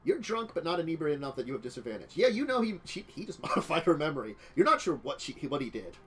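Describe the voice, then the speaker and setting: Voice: medium pitch, very animated, fast, husky. A game master narrating a tabletop game, laughing often and rambling loosely with fillers.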